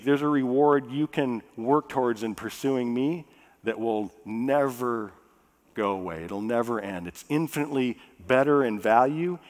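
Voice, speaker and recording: A man preaching a sermon as pastor. He talks in a relaxed, conversational way, jokes with the congregation, and slows down to read scripture. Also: mid-range voice. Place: church sanctuary. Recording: long reverb of a church hall.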